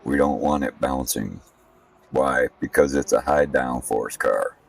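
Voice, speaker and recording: A man with an extremely low, creaky voice speaks at a measured pace, sitting far from the mic. He's a sim racing streamer running practice laps, tossing out casual, profane commentary and blunt rants between remarks about the car.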